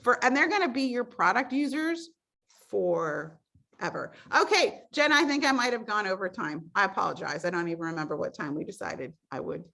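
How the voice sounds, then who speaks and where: A woman speaking as guest on a live stream, giving sales and personality coaching in an animated way, acting out what customers say. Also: mid-range voice, normal speed, gravelly. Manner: animated, acts out customer voices.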